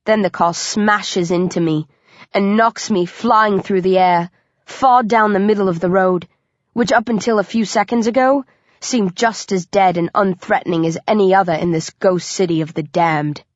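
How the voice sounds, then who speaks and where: A woman's voice: mid-range voice, steady tone, moderate pace, no room sound. A woman reading a first-person thriller audiobook, with tense, vivid storytelling. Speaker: audiobook narrator. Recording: dry, dull lo-fi recording.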